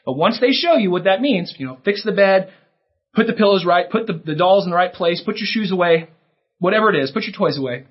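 Brief: male pastor, children's sermon, lively husky delivery, somewhat high voice, dull lo-fi sound. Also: a little fast. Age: adult. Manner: animated, acts out kids' lines in a higher voice. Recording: dull lo-fi recording.

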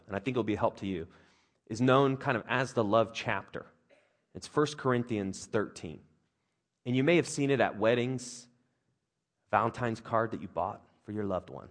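A man in his thirties delivers a casual, conversational sermon. His pitch leaps up and down as he jokes and mimics others, then settles back to plain teaching. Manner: animated, conversational, jokey, with playful voices for others. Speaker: pastor.

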